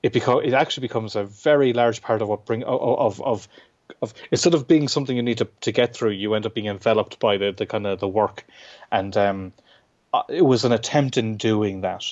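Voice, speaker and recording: Man, Irish accent, lowish voice, stop-start talk, muffled lo-fi recording. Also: a little mellow. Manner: halting, many restarts and fillers. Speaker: comic book writer. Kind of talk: casual interview chat. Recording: dull lo-fi sound.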